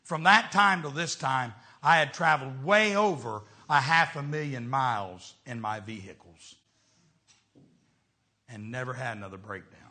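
A middle-aged man, preaching a storytelling sermon as a traveling evangelist, swinging between shouts and hushed tones. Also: mid-range voice, lively intonation, normal speed.

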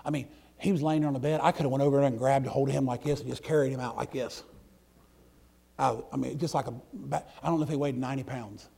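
Middle-aged man, preacher, folksy sermon storyteller, gravelly and breathy, leaps from shouting to a hush. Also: mid-range voice, fairly even intonation, fast. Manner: folksy, swings from loud outbursts to hushed near-whispers.

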